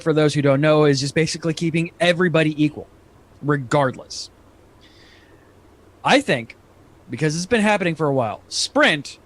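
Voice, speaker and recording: A man talking as a podcast guest in casual chat, halting often with fillers and restarts. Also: a little high.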